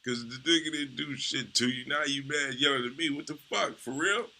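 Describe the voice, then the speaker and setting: Gravelly, raspy man telling a story. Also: mid-range voice, moderate pace, sharp tone. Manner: profane, laid-back storytelling with lots of "you know". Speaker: comedian. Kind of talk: casual storytelling.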